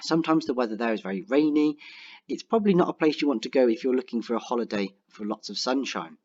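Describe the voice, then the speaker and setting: Young male teacher, animated pitch, slows to dictate, slightly muffled audio. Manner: clear, encouraging, slows to dictate sentences. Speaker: primary school teacher. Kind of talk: online writing lesson.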